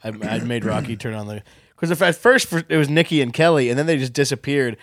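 A man's voice: medium pitch, quick pace, fairly bright tone, dry recording, studio quality. A young man co-hosting a comedy podcast, rambling through jokey stories. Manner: rambling, jokey, trails off into bits. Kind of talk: casual comedy podcast banter.

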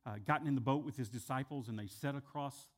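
A man preaching a sermon, dramatic in delivery, swinging from loud, urgent emphasis to hushed, low asides. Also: quick pace. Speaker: pastor.

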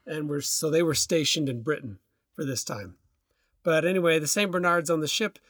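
A man's voice: fairly high pitch, normal speed, dry recording, clean studio sound. A man co-hosting a podcast, telling stories in a loose, rambling way with lots of restarts. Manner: rambling storyteller, loose and relaxed with many restarts. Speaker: podcast co-host. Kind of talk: casual conversation.

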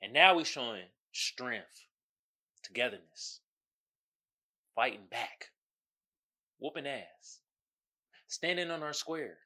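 A man's voice: mid-range voice, lively intonation, takes it slowly, pauses often, bright, forceful tone. An American man hosting his own podcast, ranting in a mocking, profane way and laughing at his own jokes. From United States. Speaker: podcast host. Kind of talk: solo podcast rant.

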